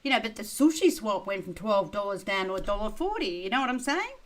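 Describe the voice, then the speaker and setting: A woman's voice: medium pitch, very animated, fast talker, rough recording. An older woman hosting a casual crypto livestream, blunt and chatty, full of "you know" and "right?", sounding tired. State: tired and thirsty, drinking beer. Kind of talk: casual livestream chat reading viewer questions.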